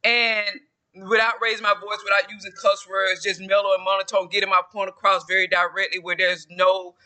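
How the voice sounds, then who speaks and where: A man with a high, very bright, forceful voice talks to camera in a casual solo vlog. He rambles, often repeating phrases and starting sentences over before finishing a thought. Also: little pitch movement, brisk. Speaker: podcaster and YouTuber.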